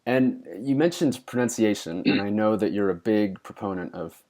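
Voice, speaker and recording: A man with a fairly low voice hosts an interview, asking careful, slightly wordy questions. He listens attentively and fills gaps with short affirmations. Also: normal speed, darkish tone. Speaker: podcast host.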